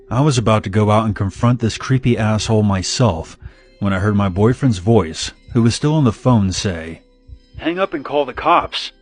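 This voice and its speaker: Brief: male horror narrator, low voice, steady dramatic first-person telling, faint music behind. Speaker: story narrator. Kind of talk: scripted horror story narration.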